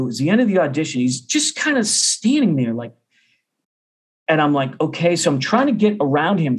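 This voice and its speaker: A man's voice: a little high, slightly rough. A middle-aged man, a percussion teacher, telling a story casually and acting out the other people's voices. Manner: animated, acts out others' voices.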